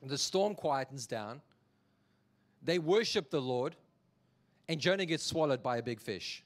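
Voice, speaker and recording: A man preaching a sermon as a pastor, telling the story in an animated, jokey way. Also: medium pitch, unhurried.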